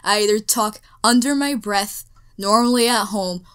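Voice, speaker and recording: A woman's voice: mid-range voice, normal speed, fairly bright tone, clean tone. A teenage girl rambling casually to a desk microphone at home while she paints, talking in a scattered way and trailing off between topics. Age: teens. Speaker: speedpaint vlogger. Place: bedroom at home.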